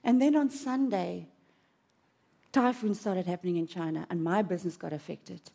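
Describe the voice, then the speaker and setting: A woman's voice: lowish voice, normal speed, gravelly, mellow. A woman preaching a sermon in an auditorium, telling a personal story with dramatic swings of emotion.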